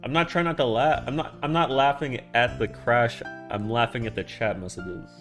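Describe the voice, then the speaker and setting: Guy streaming, rambling and swearing a lot, mid-pitched voice, soft music in the back. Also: fairly even intonation, normal speed. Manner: rambling, profane, talking back to chat. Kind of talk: casual live-stream chat.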